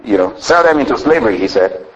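On a muffled recording, a fast-talking man with lively intonation preaches a folksy sermon. He often says "you know" and laughs while explaining, acting out the scripture's dialogue with jumps in pitch.

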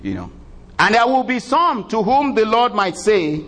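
Chuckling preacher with a fairly high voice. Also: male voice, very animated, measured pace, fairly bright tone, low-quality recording. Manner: folksy retelling, chuckles and "you know" asides. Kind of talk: sermon.

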